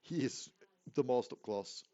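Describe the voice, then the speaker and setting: A man's voice: mid-range voice, animated, unhurried, warm tone, muffled recording. Easygoing man running a tabletop game. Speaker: game master.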